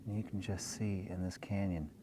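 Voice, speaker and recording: A man's voice: deep voice, steady tone, dark tone, slight background noise. A man guiding viewers around an old mine site outdoors, slightly winded from the climb. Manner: slow, easygoing guiding commentary. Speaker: exploration vlogger. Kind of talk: casual narrated hike.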